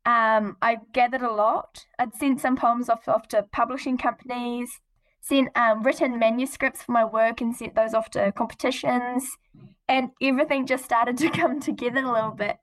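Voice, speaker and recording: A woman's voice: fairly high pitch, fairly even intonation, moderate pace. A teenage girl, a guest on a podcast, who answers politely and earnestly and giggles between points. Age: teens. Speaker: guest, young poet. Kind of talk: casual interview chat.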